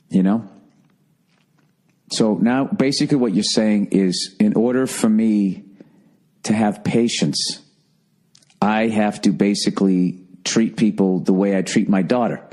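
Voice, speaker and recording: Husky man in a profane rant. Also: on the low side, a little mellow. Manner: profane, exasperated ranting. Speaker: podcast host. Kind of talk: solo ranting monologue. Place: alone in a room.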